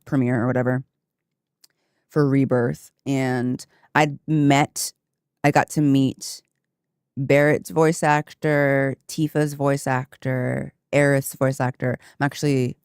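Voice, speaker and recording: A woman streamer chatting casually with her viewers, telling a story with lively asides and laughter. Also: rumbling low, smooth, no room sound, clean studio sound.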